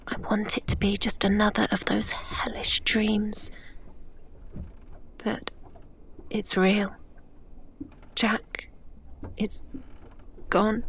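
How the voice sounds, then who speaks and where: A woman reading a first-person story aloud in a hushed, breathy half-whisper. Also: mid-range voice, slight background noise. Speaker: audiobook narrator. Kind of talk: first-person dramatic narration.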